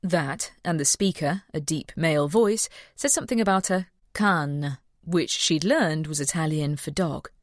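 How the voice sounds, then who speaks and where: A woman's voice: sits low, measured pace, no room sound, studio quality. A woman narrating a mystery audiobook and voicing a cheerful young vet. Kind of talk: scripted narration.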